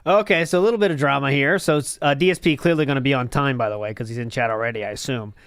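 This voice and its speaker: A man's voice: medium pitch, rapid-fire, a bit bright, clear, resonant tone, faint music behind. A man hosting a livestream, reading out chat messages with sarcastic, teasing remarks. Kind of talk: casual chat.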